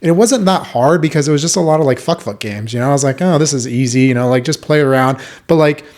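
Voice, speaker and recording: A man in his thirties hosting a podcast, chatting casually and telling his own army stories with animated retellings. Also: a little high, quick pace. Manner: animated, acts out quoted voices. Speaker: podcast host. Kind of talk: casual conversational interview.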